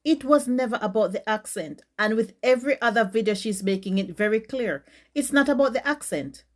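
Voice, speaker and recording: A woman's voice: on the high side, expressive, brisk. A woman firmly rebutting another creator in a reaction commentary. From Jamaica. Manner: firm, argumentative, rebutting.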